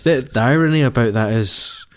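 A man, co-hosting a podcast in casual chat, laid-back and quick to laugh along. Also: medium pitch. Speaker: podcast co-host.

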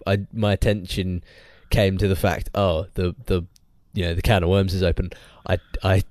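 A man's voice: sits low, normal speed, no room sound, clean studio sound. A young man, co-hosting a podcast in casual chat and rambling through stories with lots of restarts. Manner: rambling, restarts often, animated storytelling. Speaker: podcast co-host.

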